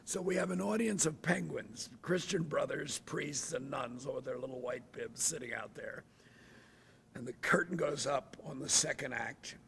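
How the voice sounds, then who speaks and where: A man in his sixties, an actor telling stories in an interview, animated and dropping to hushed asides. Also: medium pitch, moderate pace, creaky, slight background noise. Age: 60s. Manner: animated, drops to hushed asides, acts out voices. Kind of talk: anecdotal storytelling. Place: theatre.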